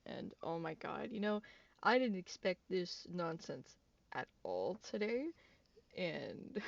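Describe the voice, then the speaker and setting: A woman's voice: mid-range voice, a little mellow, dry recording. A woman hosting a gaming channel, congested from a cold, rambling through game news in a chatty way with frequent giggles and restarts. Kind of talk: casual gaming news commentary. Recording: dull, dry lo-fi mic.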